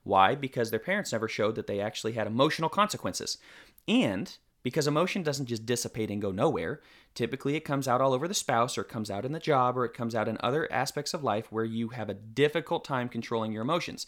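A man's voice: medium pitch, animated, fast, fairly bright tone. A man co-hosting a podcast discussion, arguing his points emphatically in long runs. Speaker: co-host.

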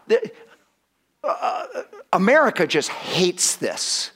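A male pastor preaching with a high, lively voice that swoops up and down. He acts out little voices and laughs often. His sentences stop and restart as he works up to a point. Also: moderate pace. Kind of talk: sermon.

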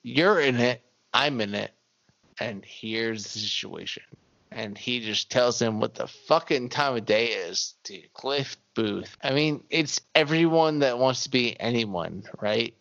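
Male co-host, slow gravelly delivery, relaxed swearing film chat. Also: mid-range voice, dull audio. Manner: laid-back, swears freely. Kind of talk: casual movie discussion.

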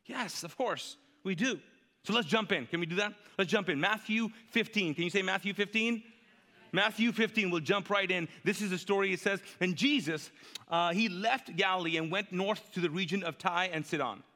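A male pastor preaches in a high, bright, forceful voice, chatting with the congregation and peppering his sermon with rhetorical questions and call-and-response prompts. His voice rings out with a long reverb, as if he is on stage in a large church auditorium. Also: moderate pace.

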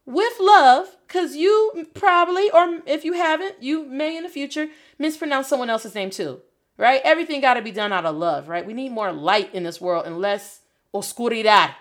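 A young adult woman, a Spanish teacher, giving a casual spoken lesson, animated and slangy, dropping Spanish phrases into her talk. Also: a little high.

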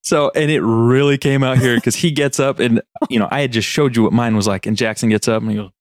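A man from Montana tells a story on a podcast in relaxed, chatty talk. He laughs easily and breaks into little impressions. His voice is mid-pitched and sounds close and dry. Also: no echo. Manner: laughing, animated storyteller doing quick impressions. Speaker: podcast co-host. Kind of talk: casual storytelling chat.

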